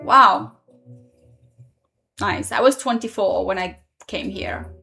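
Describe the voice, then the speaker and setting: A woman's voice: medium pitch, takes it slowly, creaky, sharp tone, soft background music. A woman in her thirties, not a native English speaker, chatting casually on a live stream and answering viewer comments. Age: 30s.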